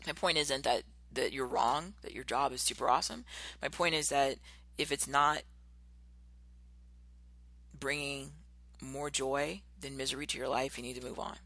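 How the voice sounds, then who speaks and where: A woman hosting a motivational podcast, talking passionately and emphatically, and slowing down to stress her key words. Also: rumbling low, steady tone, a bit bright, no room sound. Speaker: podcast host.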